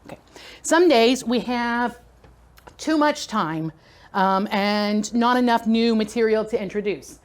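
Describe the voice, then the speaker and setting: A middle-aged woman leads a training lecture for preschool teachers in a slightly high voice at a measured pace. She keeps things chatty and conversational, checking in often with "okay?" and "right?"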